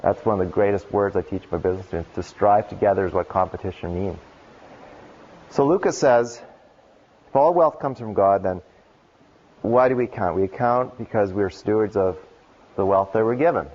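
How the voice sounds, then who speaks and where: A man with a fairly low voice delivers a conference keynote in a loose, conversational way. He leans on casual fillers and jumps up in pitch to act out the people he quotes. The recording is dull and lo-fi. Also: moderate pace, a little mellow. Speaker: keynote speaker.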